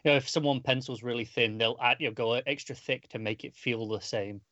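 An enthusiastic man talks about comics on a casual podcast. He speaks quickly and keeps adding details. The sound is dull and lo-fi, with a dry room. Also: mid-range voice, steady tone, a bit bright, no room sound. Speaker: podcast co-host. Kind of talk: casual comic book discussion.

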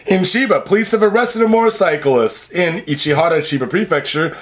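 A man's voice: fairly high pitch, brisk. A man co-hosting a casual podcast, reading news stories aloud and riffing on them with profane jokes. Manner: profane, reads news items then riffs. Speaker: podcast co-host. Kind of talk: casual drunken podcast banter. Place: Japan.

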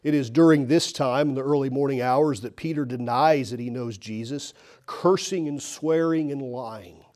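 A man's voice: medium pitch, moderate pace, a little mellow. A man preaching a sermon as pastor, telling the story with emphatic, rising and falling delivery. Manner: emphatic storytelling, voice rises and falls.

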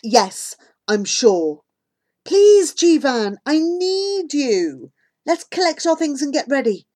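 A woman's voice: on the high side, big pitch swings, unhurried, a little mellow, slightly rough, voice pushed up, exaggerated voice. A woman reading the part of a worried, caring young girl who pleads with her friend, in an audiobook. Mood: pleading. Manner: pleading, anxious.

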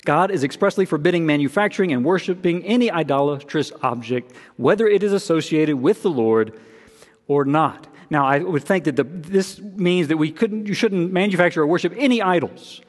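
A male pastor delivers a sermon in a somewhat high voice, earnest and deliberate. He restates key lines to drive them home. His voice carries with a long reverb, as in a large church sanctuary. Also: lively intonation. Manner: earnest preaching, repeats key phrases for emphasis.

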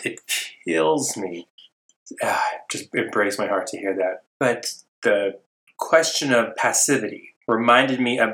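A man hosting a podcast, talking in an expressive, wry way and acting out the quotes he relates. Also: fairly low pitch. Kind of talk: casual conversation. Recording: roomy echo.

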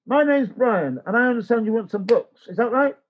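A man's voice: very high-pitched, expressive, brisk, a little hiss or hum, pitched above the performer's own voice. A man doing a chirpy, eager clerk. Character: brisk, eager male warehouse clerk. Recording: dull lo-fi recording.

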